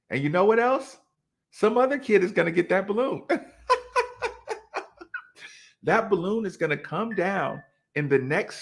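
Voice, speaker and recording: A man hosting a casual chat, telling a story in an animated way, acting out quotes with big jumps in his voice. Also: high voice, vocal fry. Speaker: podcast host.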